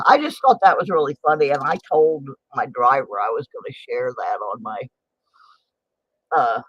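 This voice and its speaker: This livestream host, a woman in her late sixties, chats casually and tells a story in an indignant, exclaiming manner. Her voice is very deep and husky, a bit bright. The sound is dull lo-fi stream audio.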